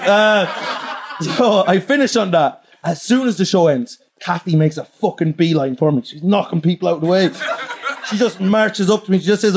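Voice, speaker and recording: A young man doing crude stand-up on stage, laughing as he swings between high yelps and low mutters. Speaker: stand-up comedian. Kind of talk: live stand-up set. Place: comedy club stage. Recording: live club with loud crowd laughter.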